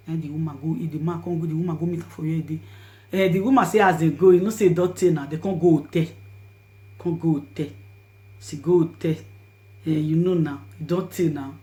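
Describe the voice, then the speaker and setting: A woman with a Nigerian accent telling a personal story to her viewers, swinging between hushed asides and loud pleading. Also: sits low, fairly even intonation, brisk. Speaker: vlogger. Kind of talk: storytelling to camera in Pidgin.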